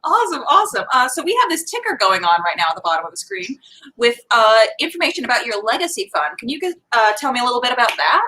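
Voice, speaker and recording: A woman hosting a casual interview, with expressive, playful reactions. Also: fairly high pitch, quick pace, slight background noise. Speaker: host.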